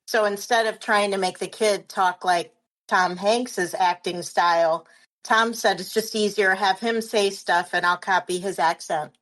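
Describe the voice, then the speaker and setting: A woman's voice: medium pitch, steady tone, unhurried, a bit bright, low-quality recording. A woman guest on a movie podcast, talking in an earnest, sympathetic way. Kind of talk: casual movie podcast chat.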